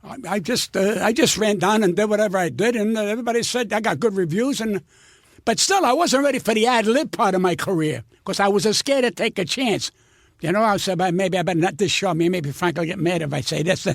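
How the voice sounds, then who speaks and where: A man's voice: sits high, brisk, creaky, no echo, studio quality. An older man, a comedian, telling blunt, profane stories in an interview with heated conviction. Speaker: guest comedian. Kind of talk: storytelling interview.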